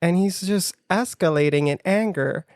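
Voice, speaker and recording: Animated man telling a dating story. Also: high-pitched, normal speed, clear, resonant tone, dry recording, studio quality. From United States, near New York. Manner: animated, acts out his own lines in quotes; frequent "like" fillers, laughs through story. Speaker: podcast co-host. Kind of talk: casual storytelling chat.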